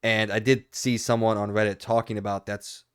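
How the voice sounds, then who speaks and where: Male podcast co-host, low voice, dry close sound, rambling and animated. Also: moderate pace, clean tone, no room sound. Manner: animated, rambling, frequent laughs. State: hiccuping. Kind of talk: casual podcast chat.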